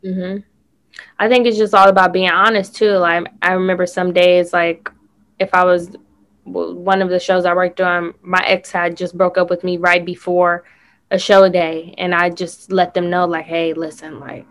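A woman's voice: fairly low pitch, flat delivery, moderate pace. A woman in her twenties from Detroit, an entrepreneur guest talking frankly in a casual interview. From Detroit, USA. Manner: frank, emphatic. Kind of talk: casual conversation.

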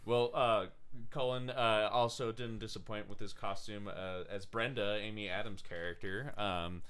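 A man's voice: fairly low pitch, fairly even intonation, normal speed, a bit bright, clean tone. A man co-hosting a podcast, sarcastic and crude in casual chat. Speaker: podcast co-host.

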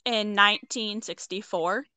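A woman's voice: medium pitch, a little slow, sharp tone, clean tone, no room sound. A young woman on a casual podcast call, reading through a true-crime case from her notes between jokes with friends. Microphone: own mic on an online call.

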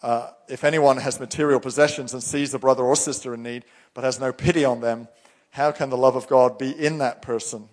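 A man's voice: mid-range voice, steady tone, a little fast. Man, pastor, earnest sermon, emphatic, long hall echo. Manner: earnest, emphatic preaching, reads scripture aloud.

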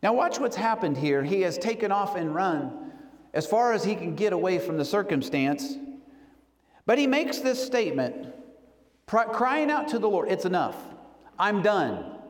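A man preaching a sermon, telling a story earnestly and slowing down for emphasis. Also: high voice, lively intonation. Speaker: pastor. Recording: long hall reverb.

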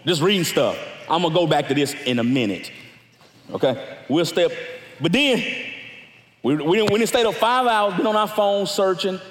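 A man preaching a sermon, talking casually with the congregation and then rising into shouts. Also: sits high, a little hiss or hum. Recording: echoey hall with long reverb.

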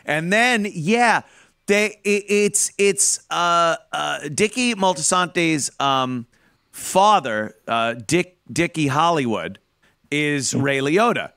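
A bright, forceful male radio host in profane banter. He rants loudly, swears constantly and pushes his opinions hard. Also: on the high side, lively intonation, takes it slowly, smooth. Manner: loud, rants, swears a lot.

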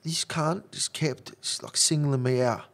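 A man's voice: mid-range voice, measured pace, creaky, fairly bright tone. A man telling blunt, profane stories in a casual interview chat. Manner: blunt, profane, calls listener bro. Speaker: interview guest.

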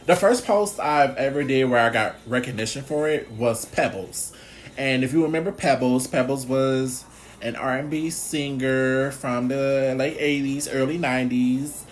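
A man chatting casually on his vlog, animated, swearing freely and laughing often. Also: mid-range voice. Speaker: blogger.

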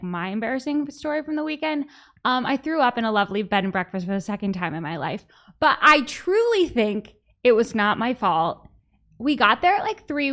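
A woman's voice: fairly high pitch, a bit bright. A woman hosting a podcast, telling a story in a chatty, giggly way with lots of "like". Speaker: podcast host. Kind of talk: casual chat.

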